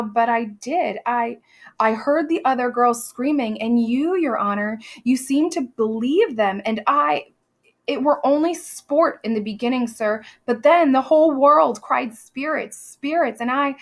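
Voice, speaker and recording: A woman reading a stammering frightened servant girl. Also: on the high side. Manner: halting, stammering pleas.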